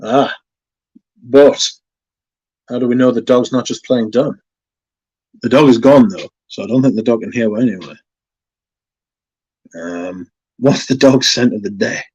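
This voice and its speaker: A man talks to his livestream chat in a relaxed, easygoing way, reading out comments and adding his own remarks. His voice sits at a middle pitch. The sound is dry and a bit muffled. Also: measured pace, pauses often, husky, no room sound. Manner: relaxed, chatty, yawning now and then. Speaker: fragrance livestream host.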